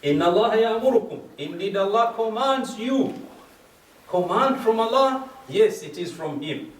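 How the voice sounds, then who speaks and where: A high-pitched, animated man, speaking a little slowly, addresses a majlis gathering with a religious lecture, unpacking verses step by step and repeating key phrases. The setting is a mosque or community hall, recorded from a distance in an echoey space.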